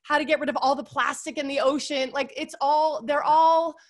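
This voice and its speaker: Upbeat gushing woman, slightly high voice. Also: steady tone, normal speed. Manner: gushing, upbeat, heavy use of "like" and "you guys". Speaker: podcast guest. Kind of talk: casual interview chat.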